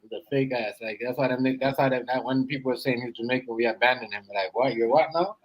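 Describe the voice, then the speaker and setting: A man in casual chat about rappers, telling stories in an animated, profane way. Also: mid-range voice, quick pace, low-quality recording. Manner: animated, profane storytelling with laughs.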